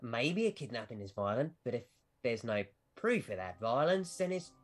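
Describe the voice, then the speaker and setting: A man voicing a blunt male goblin who enforces rules, gruff and dismissive, over a video call. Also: mid-range voice, very animated, normal speed, voice pushed up. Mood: brusque. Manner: blunt, dismissive, says "mate" and "bloody". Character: gruff gray-skinned male goblin rule-keeper. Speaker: game master.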